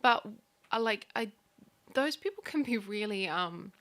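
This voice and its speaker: Bright, gravelly-voiced chatty woman. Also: medium pitch, animated, unhurried. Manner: chatty, laughs often, trailing fillers. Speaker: guest. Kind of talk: casual chat.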